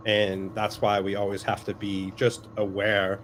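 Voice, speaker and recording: A man's voice: on the low side, completely flat delivery, measured pace, slight background noise. A man hosting a casual podcast, talking things over thoughtfully and thanking supporters. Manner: reflective, thanks viewers by name. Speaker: podcast host.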